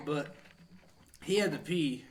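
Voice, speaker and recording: A young college-age man with a slightly high voice rambles through a story in a laid-back way, using country turns of phrase. He chats casually with friends on a podcast recorded outdoors. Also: slow. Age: young adult. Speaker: podcast co-host. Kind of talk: casual chat.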